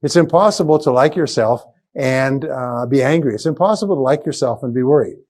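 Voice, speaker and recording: A man's voice: medium pitch, expressive, a little fast, a little mellow. An older man giving a motivational seminar talk to a live audience, speaking emphatically and repeating key phrases. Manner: emphatic, repetitive, rising to punchy exclamations.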